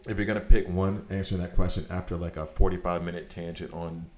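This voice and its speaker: A man with a low, deep voice chats casually while playing a game and drifts into long, animated tangents. His voice rings in an echoey room. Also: quick pace. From United States. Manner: animated storyteller, rambling tangents. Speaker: gaming streamer. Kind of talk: casual chat while gaming.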